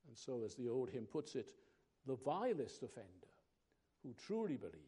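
A man preaching a sermon, slow and emphatic, pausing between phrases. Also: mid-range voice, very animated, mellow, breathy edge.

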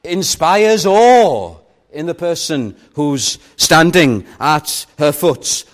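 A man preaching a sermon, earnest and measured, with dramatic pauses on key words. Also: on the high side, fairly bright tone.

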